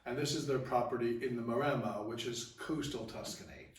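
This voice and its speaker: A man's voice: medium pitch, fairly quick, reverberant, recorded from a distance. Upbeat man leading a wine tasting. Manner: upbeat, leads the tasting and segues. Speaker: wine show co-host. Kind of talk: casual wine tasting chat.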